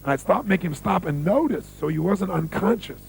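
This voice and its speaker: Very gravelly man at a seminar. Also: high-pitched, expressive, brisk, darkish tone, slight background noise, poor audio. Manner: emphatic, repeats key phrases, questions the audience. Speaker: motivational speaker. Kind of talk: seminar talk with stories.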